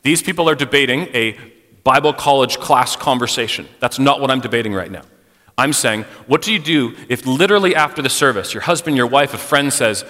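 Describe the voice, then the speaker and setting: A man's voice: mid-range voice, lively intonation, brisk, pushed and bright. A man giving a sermon to a congregation, telling personal stories in a conversational, self-deprecating way. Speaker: speaker addressing a congregation. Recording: long hall reverb.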